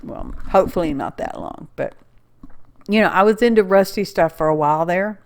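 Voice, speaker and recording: A woman's voice: fairly low pitch, normal speed. A middle-aged woman gives a casual, rambling voice-over of her craft project, correcting herself as she goes. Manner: chatty, rambling, self-correcting, folksy.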